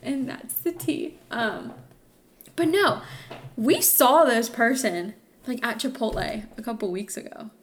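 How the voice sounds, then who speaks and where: A young woman co-hosting a podcast, telling stories in casual chat, animated and full of profanity. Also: fairly high pitch, a little slow. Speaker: podcast co-host.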